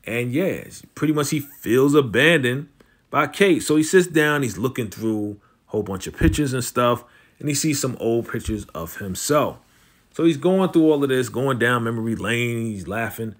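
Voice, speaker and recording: Slangy man recapping a TV episode. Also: mid-range voice. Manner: animated retelling, acts out characters' lines in quick snippets; slangy, conversational, lots of "you know" and "right?". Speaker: TV recap host.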